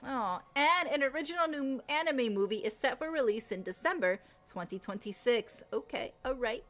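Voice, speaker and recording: Loud, emphatic woman streamer. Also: high-pitched. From Latin America. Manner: animated, emphatic, ranting with repeated phrases. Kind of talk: casual live-stream chat.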